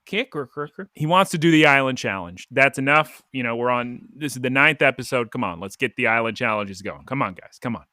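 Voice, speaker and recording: A man's voice: medium pitch, expressive, fairly quick, hardly any pauses, bright, forceful tone, dry recording, studio quality. A man co-hosting a podcast, recapping an anime episode in rambling, jokey casual chat full of "like". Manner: rambling, jokey, lots of "like" fillers. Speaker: podcast co-host.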